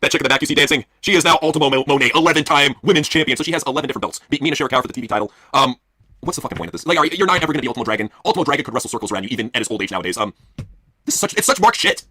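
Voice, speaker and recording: A man's voice: medium pitch, expressive, rapid-fire, pushed and bright, a little hiss or hum. A man co-hosting a crude wrestling news podcast, mocking and profane. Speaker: podcast co-host.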